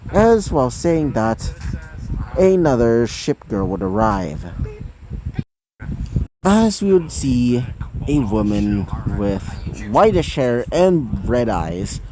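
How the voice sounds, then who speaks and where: A man's voice: medium pitch, sing-song, slow pace, noisy background. A man reading his own fan story aloud, rambling with fillers and asides. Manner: rambling, repeating "as she would say", filler-heavy asides.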